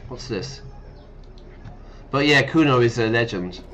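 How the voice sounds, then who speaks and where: A man's voice: medium pitch, animated, unhurried, fairly bright tone, highs cut off, faint music behind. A man, an English teacher streaming a game, chatting casually, explaining slang words and laughing often. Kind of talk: casual explanation while playing.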